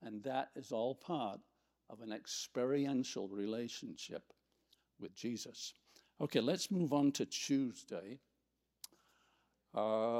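A man teaching a Bible study in a reflective way, reading scripture aloud and pausing to find his place. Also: mid-range voice, a little mellow.

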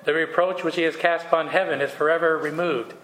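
A man's voice: a little high, fairly even intonation, quick pace, a bit bright. A man leading a Bible study, reading scripture aloud and then explaining it casually with fillers. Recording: echoey room with faint noise.

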